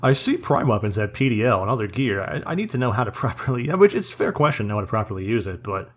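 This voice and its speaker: A man's voice: lowish voice, very animated, fast talker, breathy edge. A man co-hosting a casual gaming podcast, telling stories with a joking, teasing manner. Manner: jokey storyteller, acts out quotes. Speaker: podcast co-host. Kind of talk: casual podcast chat about an online game.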